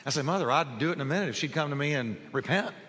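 A man's voice: fairly high pitch, expressive, very fast, long reverb tail, noisy background. A man preaching a sermon, telling a personal story and acting out the dialogue in it. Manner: storytelling, acts out quoted dialogue. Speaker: pastor.

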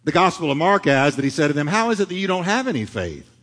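A middle-aged male pastor preaching a sermon, swinging from loud, dramatic lines to hushed ones. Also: fairly high pitch, sing-song, fast. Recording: long hall reverb.

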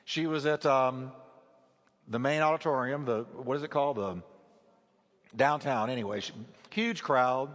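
A male pastor preaching a sermon, telling a story with animated delivery and acting out the voices of the people in it. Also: medium pitch. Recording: long hall reverb.

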